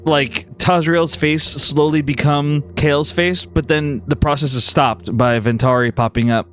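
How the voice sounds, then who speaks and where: A man's voice: a little high, steady tone, a little slow, fairly bright tone, faint music behind. A man narrating a tabletop role-playing game as game master, loose and full of restarts.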